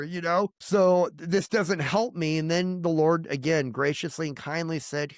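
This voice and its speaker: A man with a fairly high voice gives an earnest, heartfelt testimony as an interview guest. He talks warmly about his faith, breaking into a short laugh now and then. The sound is close and dry. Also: fairly even intonation, moderate pace, hardly any pauses, dry recording. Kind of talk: personal testimony in conversation.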